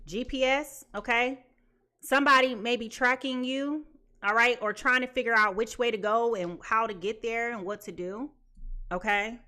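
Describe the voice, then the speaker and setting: Bright, high-voiced woman reading tarot. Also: fairly even intonation, moderate pace. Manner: chatty, laughs often, repeats phrases. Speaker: tarot reader. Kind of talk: live tarot reading, casual chat.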